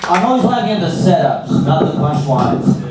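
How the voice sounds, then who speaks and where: A man's voice: a little high, big pitch swings, normal speed. A man hosting an open mic, giving chatty, apologetic banter between acts and bringing up the next comic. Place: small comedy club. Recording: echoey room, loud noise, far from mic.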